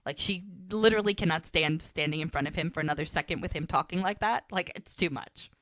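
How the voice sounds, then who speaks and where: A woman co-host recaps an episode in casual podcast chat, voicing each character's lines as she retells the scene. Her voice sits a little low and the recording is dry, with no room sound. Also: fast, no room sound. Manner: animated retelling, acting out both characters' lines.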